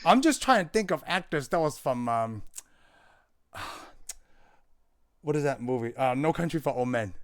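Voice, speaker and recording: A man's voice: medium pitch, lively intonation, normal speed, long pauses, clear, resonant tone. A man co-hosting a casual movie podcast, rambling and searching for words as he tells a story. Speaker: podcast co-host.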